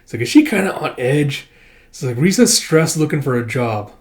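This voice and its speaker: A chatty man reading a comic aloud and commenting as he goes. His voice sits a touch high for a man. The delivery is loose and casual, and he laughs easily. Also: animated, moderate pace. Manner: chatty, laughs often, frequent "it's like".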